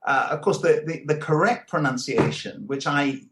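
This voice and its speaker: Older male guest, higher-pitched, halting delivery thick with fillers. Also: fairly bright tone, slight background noise. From England, Anglo-Irish background. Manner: hesitant, many fillers and restarts. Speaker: guest comics writer. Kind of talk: casual interview talk.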